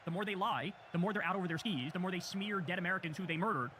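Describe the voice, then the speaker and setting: A man hosting a political reaction show, talking fast and sarcastically to his viewers between clips. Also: high-pitched, pushed and bright, slight background noise. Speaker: political commentary host.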